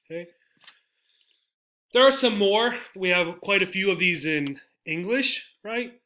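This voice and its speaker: A man teaching English pronunciation, saying example words slowly and repeating them with heavy stress. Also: high voice, expressive, bright, forceful tone. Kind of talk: slow, deliberate teaching.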